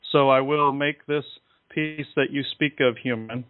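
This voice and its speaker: A man voicing a proud male reptilian alien soldier, speaking in a halting, hesitant way over a tinny phone line. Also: mid-range voice, steady tone, close to an everyday voice. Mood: subdued.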